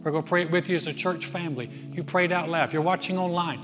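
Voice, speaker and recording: A man preaching a sermon as pastor, earnest, repeating his phrases and swinging between loud and soft. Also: a little high, fairly even intonation, fast talker. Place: church auditorium. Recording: long reverb of a large auditorium, faint music.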